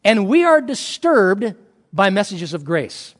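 A middle-aged male pastor delivers an animated sermon, acting out stories and swinging from loud to hushed. His voice sits high for a man. The sound carries a long reverb, like a large sanctuary. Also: takes it slowly.

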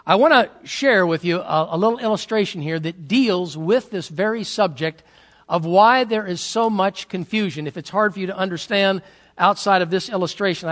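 A man preaching a sermon as a pastor in church, telling stories and acting out family arguments. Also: high voice. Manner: animated storytelling, acts out family quarrels.

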